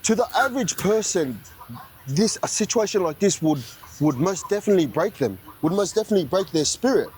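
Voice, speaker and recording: A man tells his own story in an even, matter-of-fact way. His voice sits fairly high for a man, and a faint noise hums behind him. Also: fairly quick. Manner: low-key, matter-of-fact telling. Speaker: storyteller in an interview clip. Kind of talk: recounting a personal story.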